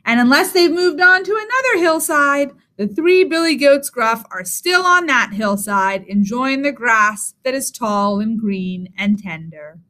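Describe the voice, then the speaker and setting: A woman reading a children's story aloud. She speaks slowly in a high, bright voice. She tells it expressively and invites her listeners to join in the sounds. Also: expressive.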